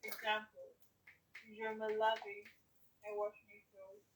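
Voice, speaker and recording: Slow, hesitant woman student on a call. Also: medium pitch, level tone, slight background noise, rough recording. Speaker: language student. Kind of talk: reading aloud and conjugating in a lesson. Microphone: phone on a video call.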